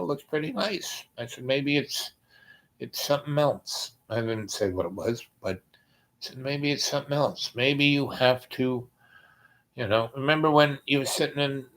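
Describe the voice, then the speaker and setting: Male host, relaxed storyteller; hesitant, restarting delivery, quieter when quoting. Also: medium pitch. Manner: rambling, hesitant, with many ums and restarts. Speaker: podcast host. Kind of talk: casual personal storytelling.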